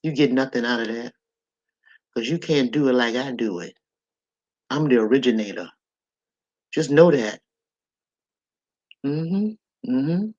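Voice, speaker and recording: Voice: mid-range voice, a little slow, pauses often. Streamer preaching life advice at the chat, says stuff twice for emphasis, kinda dull sounding audio. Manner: preachy, repeats phrases for emphasis; bright, lively greetings to chat viewers. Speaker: livestream host. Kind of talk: casual livestream talk with preachy life advice.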